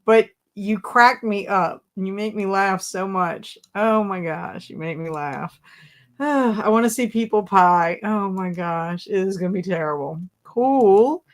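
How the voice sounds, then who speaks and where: A woman's voice: mid-range voice, unhurried. A woman hosting a casual book livestream, reading viewer comments aloud and laughing often. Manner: giggly, chatty, laughs often at viewer jokes. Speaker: booktube livestream host.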